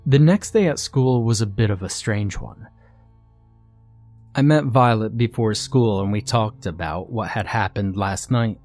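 A man narrating a first-person horror story in a tense, measured, scripted way. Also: on the low side, darkish tone.

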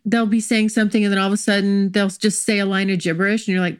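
A woman hosting her own podcast in casual solo chat, excitable and rambling, laughing often, recorded at a home microphone. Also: mid-range voice, quick pace, hardly any pauses, clean tone. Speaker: podcast host. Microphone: desk microphone.

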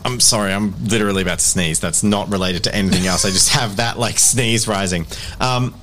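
A man's voice: fairly low pitch, a little fast, music in the background. A man narrating as game master of a streamed tabletop game, recapping the story in a chatty, joking way.

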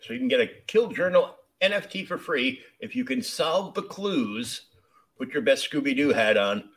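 A man's voice: on the high side, big pitch swings, moderate pace, a bit bright. A man hosting a podcast, chatting casually and summing up his guest's points in a supportive way. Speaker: podcast host.

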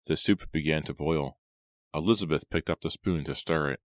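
Very deep-voiced male audiobook reader. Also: normal speed, no room sound, clean studio sound. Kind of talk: audiobook narration.

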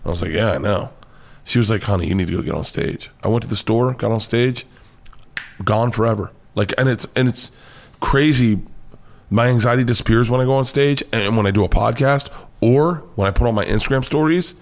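An American man, a comedian guest, telling a wild story with lots of swearing and high-pitched acted-out quotes. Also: a little fast, gravelly. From United States. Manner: excitable, swears freely, acts out quotes in a high voice. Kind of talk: animated storytelling.

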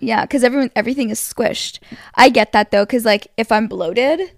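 A young woman co-hosting a podcast, chatting in a relaxed, agreeable way. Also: a little high, moderate pace, creaky, no echo, clean studio sound. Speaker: podcast co-host. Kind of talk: casual chat.

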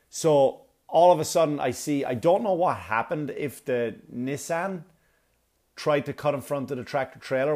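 A man's voice: medium pitch, darkish tone. A comedian chatting casually to his viewers, telling a rambling, profane story with asides, sounding like he has a cold.

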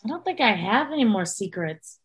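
A woman's voice: medium pitch, a little fast, slightly rough. A woman from South Texas, a podcast guest, telling stories in casual chat, swearing freely and acting out quoted voices. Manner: animated storyteller, acts out quotes, swears freely.

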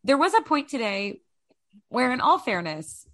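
A woman's voice: fairly high pitch, big pitch swings, a little slow, dry recording. Dry-sounding self-deprecating woman chatting. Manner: self-deprecating, rambling with restarts. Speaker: podcast co-host. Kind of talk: casual chat.

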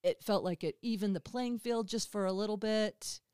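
A woman in her fifties hosting a podcast, telling candid stories in a lively way, swearing freely and acting out the dialogue. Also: medium pitch, normal speed, clean tone, no echo, clean studio sound. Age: 50s. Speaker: podcast host. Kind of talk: candid conversational storytelling.

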